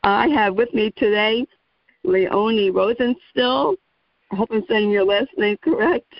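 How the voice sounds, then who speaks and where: A woman's voice: medium pitch, measured pace, dry recording. A woman hosting a radio interview show in a chatty, friendly way, laughing easily as she introduces her guest. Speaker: radio talk show host. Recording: dull lo-fi radio sound.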